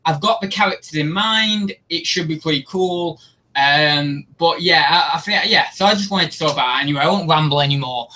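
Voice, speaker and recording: A young man hosting a casual live stream, chatting in a rambling, self-mocking way. His voice sits a little high and sounds bright and forward. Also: a little fast. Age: young adult. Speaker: YouTube host.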